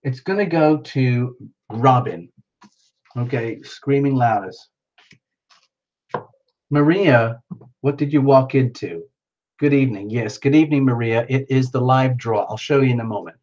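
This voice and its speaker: Male livestream host, mid-pitched, playful and chatty with his viewers, lo-fi sound. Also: measured pace, pauses often, a little mellow. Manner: playful, chatty, reacting to comments. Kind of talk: casual livestream chat with viewers.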